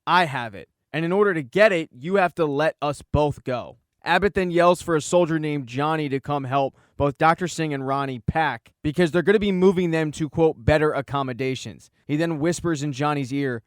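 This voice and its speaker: Man narrating a brisk episode recap. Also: fairly high pitch, expressive, a bit bright, dry recording, clean studio sound. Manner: brisk storytelling, reading quoted dialogue in his own voice. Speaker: channel host.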